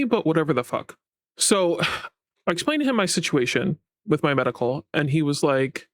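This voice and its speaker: Man, slightly high voice, dry close sound, rambling casual vlog, frustrated, swearing. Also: fairly quick, dry recording. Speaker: VTuber and YouTube creator. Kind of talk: casual personal update vlog.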